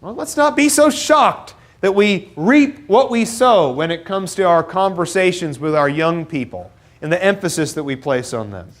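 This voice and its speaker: A young male preacher delivers an earnest sermon in a church. His voice sits high and swings widely in pitch as he builds to emphatic points, and he breaks them up with self-deprecating asides. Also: animated, moderate pace, few pauses.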